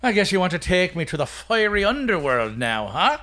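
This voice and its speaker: Man putting on a jolly drunk Irish trickster, high lilting brogue, big swoops. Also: sing-song, a little fast, sharp tone, full character voice. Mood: cheeky. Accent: put-on Irish brogue.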